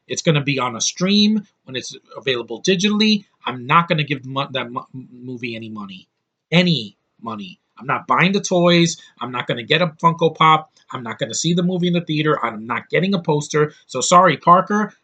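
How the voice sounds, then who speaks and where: A man's voice: a little high, pushed and bright. A man ranting bluntly on a vlog, frustrated and exasperated, swearing often. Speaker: YouTube vlogger. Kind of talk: angry opinion rant.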